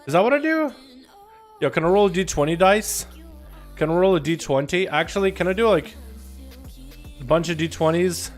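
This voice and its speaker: A man's voice: sits high, expressive, normal speed, pauses often. A young man with a slightly raised voice runs a casual gaming livestream, hyped up and swearing freely as he greets his chat. Faint music plays behind him. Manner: hyped-up, profane, rowdy greetings. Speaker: livestream host.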